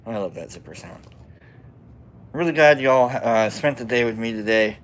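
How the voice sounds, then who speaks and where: A man's voice: medium pitch, lively intonation, moderate pace, slight background noise. Rambling joking man from Nebraska. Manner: joking, self-deprecating, often drops to a mumble. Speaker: host of a mushroom-growing livestream. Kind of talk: rambling casual livestream chat.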